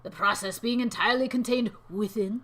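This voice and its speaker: Bright playful woman co-host, chatty, reads stuff out all dramatic, kinda high voice. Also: steady tone, brisk, breathy edge. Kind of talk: casual chat.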